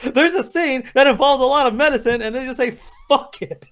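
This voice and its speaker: A man co-hosting a casual movie review chat, excitable and profane, acting out his own reactions as he talks. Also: extremely high pitch, fast. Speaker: podcast co-host.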